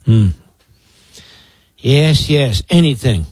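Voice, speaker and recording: A man's voice: mid-range voice, lively intonation, extremely slow, a little mellow, husky, no room sound, low-quality recording. A man in his sixties from the Philadelphia area, hosting political talk radio in a sarcastic, mocking, emphatic way. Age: 60s. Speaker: radio talk show host.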